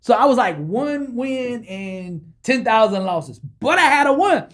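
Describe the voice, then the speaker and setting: With a very high-pitched voice and an unhurried delivery, a man recounts a personal story as a guest in a podcast interview. He brings animated energy and plays out the dialogue as he goes.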